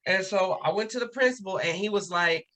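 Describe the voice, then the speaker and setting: A man's voice: high-pitched, brisk, sharp tone. A man guesting on a podcast, telling a story in casual chat and acting out the people he quotes.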